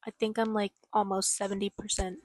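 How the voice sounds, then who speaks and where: A young woman in a casual reading vlog, excitable and rambling, swearing freely as she reacts. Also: medium pitch, brisk, background noise. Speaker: book vlogger.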